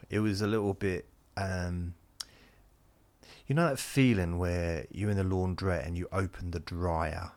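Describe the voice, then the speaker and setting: A man with a very low voice wanders through a sleepy podcast monologue. He keeps breaking off and circling back as he talks. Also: creaky. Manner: meandering, self-interrupting, drifting between points. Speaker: podcast host.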